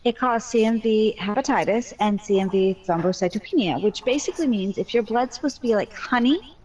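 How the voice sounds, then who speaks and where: A woman's voice: medium pitch, fairly quick, a little mellow, low-quality recording. A mother telling her story in a casual voice chat, candid and talkative with a joking streak.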